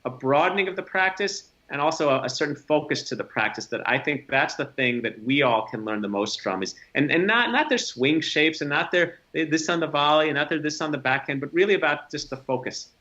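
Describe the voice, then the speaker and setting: A man's voice: on the high side, animated, brisk, hardly any pauses, sharp tone, dull audio. A man talking as a podcast guest, thinking aloud in a reflective, rambling way with frequent restarts. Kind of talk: casual podcast conversation.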